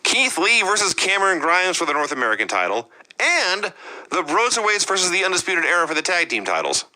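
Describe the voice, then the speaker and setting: A man's voice: sits high, sing-song, a little fast, bright, forceful tone, low-quality recording. A man co-hosting a wrestling review show, recapping events in a wry, casual way. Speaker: podcast co-host.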